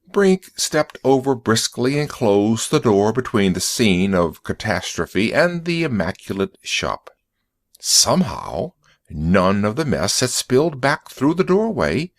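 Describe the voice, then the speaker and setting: A man narrating a story in a slow, clear audiobook reading for English learners. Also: on the low side, sing-song. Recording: dry close recording.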